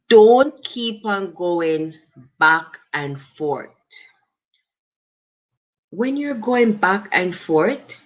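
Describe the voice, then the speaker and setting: A middle-aged Jamaican woman hosting a casual livestream, speaking in an unhurried, reflective way and thanking her viewers. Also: mid-range voice, a bit bright. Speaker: livestream host. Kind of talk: casual livestream talk to chat.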